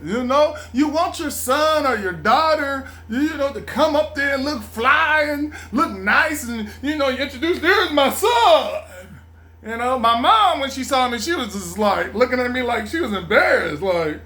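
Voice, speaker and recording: A middle-aged man casually telling a rambling personal story, repeating phrases, laughing often and mimicking his mother in a lower murmur. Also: bright, forceful tone. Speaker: vlogger.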